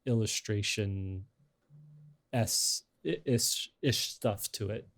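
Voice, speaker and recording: A man's voice: lowish voice, slow. A middle-aged man hosting a casual podcast chat, talking in a rambling, hesitant way with many restarts. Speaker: podcast host.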